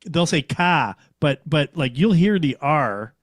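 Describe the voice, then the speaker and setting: A man's voice: fairly high pitch, animated, a little slow, dry recording. A man co-hosting a livestream, chatty and rambling, often correcting himself. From Canada. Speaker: co-host. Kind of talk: casual livestream chat.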